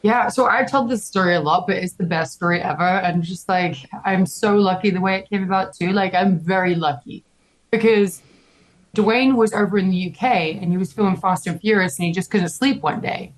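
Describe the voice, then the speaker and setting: A young adult woman on a podcast telling a story in a lively, casual way, full of "like" and swearing. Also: mid-range voice, normal speed, poor audio. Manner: animated, heavy filler "like", casual swearing. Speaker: podcast guest.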